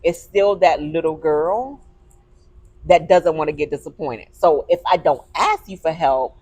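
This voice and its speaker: A woman co-hosting a podcast in casual chat, telling stories with animated, expressive delivery. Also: sits low, measured pace, husky. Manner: animated storytelling, turns emotional. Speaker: podcast co-host.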